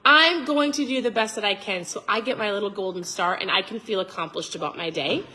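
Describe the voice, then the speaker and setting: Fired-up woman with a bright voice. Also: mid-range voice, fairly quick. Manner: fired up, almost yelling; emphatic, preachy. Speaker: vlogger. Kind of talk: motivational talk to camera.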